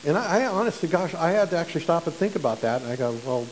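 A man's voice: fairly high pitch, lively intonation, quick pace, in a large hall, a little hiss or hum, poor audio. A male pastor preaching a sermon in a conversational way, often repeating and restarting words.

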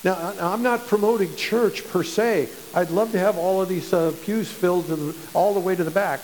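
A man's voice: high voice, moderate pace, few pauses, a little mellow, in a large hall, a little hiss or hum, rough recording. A male pastor preaching a sermon in a conversational way, often repeating and restarting words.

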